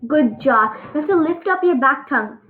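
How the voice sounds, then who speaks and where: A woman giving a casual pronunciation lesson on letter sounds, halting and full of fillers, encouraging her students. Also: sits high, lively intonation, slight background noise. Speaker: Arabic alphabet teacher. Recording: echoey, tinny phone-like sound.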